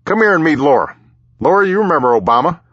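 A man voicing a brisk, friendly older male president with a chummy, folksy manner, in a slightly muffled recording. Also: on the high side, big pitch swings, fairly bright tone, breathy edge, no echo, voice pushed up, full character voice. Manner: chummy, back-slapping, quick asides.

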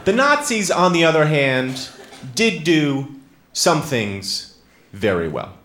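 A man doing a stand-up comedy set, talking conversationally to the crowd and breaking into loud sung and shouted bits. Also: fairly high pitch, big pitch swings, takes it slowly. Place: live comedy stage before an audience. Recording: roomy hall with audible ambience.

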